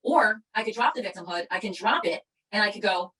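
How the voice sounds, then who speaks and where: Fast-talking fervent motivational woman. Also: medium pitch, bright, forceful tone, low-quality recording. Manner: fervent, preachy, rapid-fire. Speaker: MLM company leader giving a training talk. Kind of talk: motivational speech.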